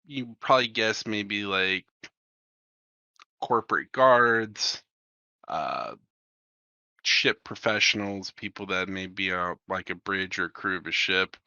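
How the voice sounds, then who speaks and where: Slow, loose-talking male game master. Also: low voice, pushed and bright, no echo. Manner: loose, filler-heavy narration. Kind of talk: narrating a tabletop game. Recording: dull muffled mic, dry.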